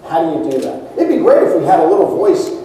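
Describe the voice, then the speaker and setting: A man's voice: a little high, wildly swooping pitch, fast, warm tone, recorded from a distance, a little hiss or hum. A man giving a motivational conference keynote, speaking emphatically and asking the audience rhetorical questions. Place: large conference hall. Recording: echoey hall recorded from afar.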